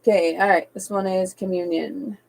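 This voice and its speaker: A woman's voice: mid-range voice, steady tone, normal speed, gravelly, a little mellow, rough recording. A woman doing a live-streamed tarot reading, reading card texts aloud evenly and slipping into casual, chatty asides. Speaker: tarot reader.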